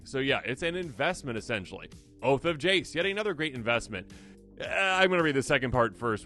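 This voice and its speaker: A man hosting a casual deck review, jokey and animated, who talks straight to imagined opponents. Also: medium pitch. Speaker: host.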